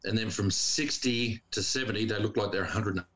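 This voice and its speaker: A man's voice: on the low side, a little fast, fairly bright tone. A man with an Australian accent, telling loose, profane stories in casual chat on a remote call. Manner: loose, profane storytelling with frequent restarts.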